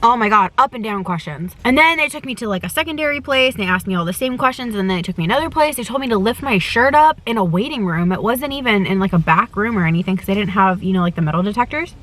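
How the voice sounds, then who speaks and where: A young woman talks straight to her camera from the seat of a parked car, her voice bright and forward. She gushes freely, chatting between bites and often talking with her mouth full, in a relaxed, loose vlog style. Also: medium pitch, fast, few pauses. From United States. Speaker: travel vlogger. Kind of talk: casual chat to camera while eating.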